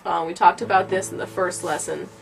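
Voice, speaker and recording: A woman with the tail end of a cold giving a casual yodeling lesson, explaining slowly and patiently with many ums. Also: fairly low pitch, steady tone, creaky. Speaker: yodeling teacher.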